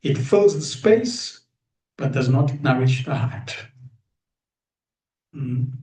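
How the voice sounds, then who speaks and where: A man giving an emphatic devotional talk to a gathered group, pausing often and asking rhetorical questions, streamed live. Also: medium pitch, animated, dark tone. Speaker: spiritual teacher. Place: room with a gathered audience. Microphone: streamed live over video call. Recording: echoey room.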